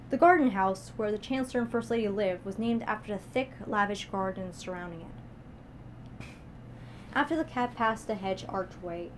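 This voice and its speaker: A young woman reading her own story aloud in a steady, plain manner. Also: medium pitch, slight background noise. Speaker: narrator.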